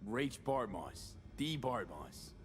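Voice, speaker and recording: A man's voice: medium pitch, very animated, slow pace, background noise. An actor playing a young male mercenary hacker who talks in a casual, streetwise, blunt way. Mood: curious. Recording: game audio heard from afar.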